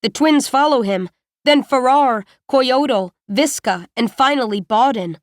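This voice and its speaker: Higher-voiced woman narrating an audiobook. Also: no room sound, studio quality. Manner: steady, measured storytelling delivery. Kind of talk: first-person audiobook narration. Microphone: close studio mic.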